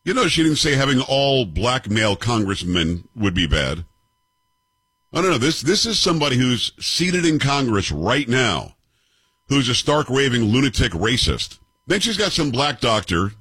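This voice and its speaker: A man's voice: medium pitch, very animated, normal speed, pushed and bright, breathy edge, no room sound. A man in his fifties hosting a commentary show, arguing with clips in a combative, sarcastic way and firing off rhetorical questions. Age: 50s.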